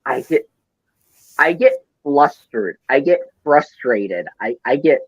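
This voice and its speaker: A man's voice: medium pitch, big pitch swings, slow pace, slightly rough, dry recording, rough recording. A man with a Midwestern accent, co-hosting a casual podcast chat, rambling and swearing as he gets flustered. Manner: rambling, profane, flustered ranting. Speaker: podcast co-host.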